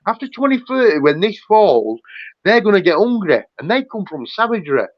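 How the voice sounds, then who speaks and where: A man's voice: high-pitched, sing-song, brisk, no echo. A man hosting a livestream, ranting angrily and swearing, repeating himself as he goes. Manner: angry, profane, repetitive ranting. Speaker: livestream host. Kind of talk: heated livestream rant. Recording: dull lo-fi dry sound.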